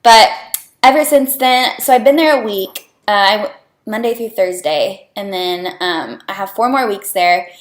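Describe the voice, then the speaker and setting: A young woman talks straight to her viewers in a relaxed, earnest ramble, sprinkling "like" through nearly every phrase. Her pitch sits in a plain middle range. The room around her is noticeably roomy and echoey. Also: normal speed. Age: young adult. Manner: chatty, earnest, heavy use of "like". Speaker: student on clinical rotation. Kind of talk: casual personal vlog. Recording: roomy echo.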